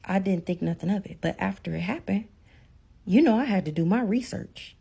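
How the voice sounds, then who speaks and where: A woman's voice: medium pitch, lively intonation, a little fast, vocal fry, warm tone, breathy edge. A woman telling her own story to viewers in a casual vlog, emphatic, repeating lines for stress and swearing freely.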